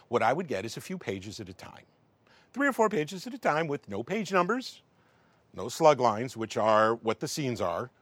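A middle-aged film professional, medium-pitched and recorded with no echo, entertains an interviewer with a wry anecdote. He tells it animatedly, performing the dialogue along the way.

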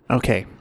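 Man, podcast co-host, giggly pun banter, dry close sound. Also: dry recording. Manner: giggly, playful. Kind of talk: casual comedic banter.

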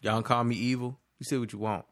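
A man's voice: mid-range voice, little pitch movement, fast. A man with a middling voice talks emphatically on a casual podcast. He swears freely and builds his points into exaggerated stories. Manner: profane, emphatic storytelling. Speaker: podcast co-host. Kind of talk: casual chat.

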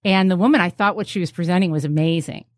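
A woman from New tells stories in a low, grounded voice. She is blunt and animated, swears freely and acts out the people she quotes. The sound is close and dry, with no room at all. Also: fast talker, no echo. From New York State. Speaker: therapist guest. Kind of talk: casual podcast chat, storytelling.

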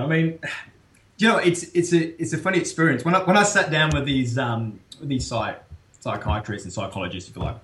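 A man with a British accent, a guest telling a story in casual conversation, animated and often laughing. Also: on the high side, quick pace, echoey room.

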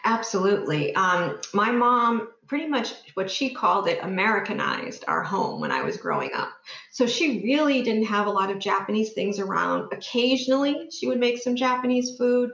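A woman's voice: mid-range voice, big pitch swings, moderate pace, a bit bright, roomy sound, dull audio. A woman who is an author, talking earnestly and thoughtfully as an interview guest. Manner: earnest, reflective. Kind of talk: interview and reading aloud.

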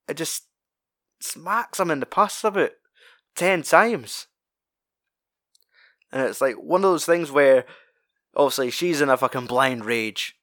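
A man's voice: on the high side, animated, slow pace, long pauses, fairly bright tone, dry recording, clean studio sound. A man chatting casually about a film, rambling, swearing freely and laughing often.

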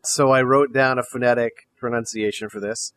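Man, podcast co-host, casual chat, wry asides, middle pitch, dry sound. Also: fairly even intonation, normal speed, fairly bright tone, clean tone, no room sound.

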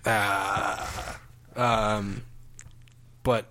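A man's voice: fairly low pitch, little pitch movement, extremely slow, pushed and bright. A man co-hosting a casual movie podcast, talking in a laid-back way with lots of fillers. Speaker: podcast co-host.

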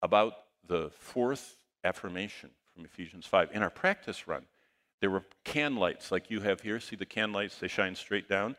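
Male pastor, lively storytelling sermon, bright voice, long hall reverb. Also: low-pitched, moderate pace. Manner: animated storyteller, swings between loud bursts and hushed asides. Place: church auditorium.

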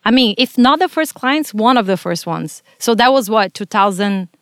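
A woman's voice: a little high, lively intonation, moderate pace, dry recording, studio quality. A woman with a non-native English accent, a veterinarian hosting a casual interview podcast, chatty and a little stumbling.

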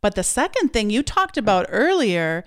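A woman hosting an interview, asking questions in an engaged, quick way, sometimes joking about herself. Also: mid-range voice, very animated. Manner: engaged, quick, self-deprecating. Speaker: podcast host. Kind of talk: conversational interview.

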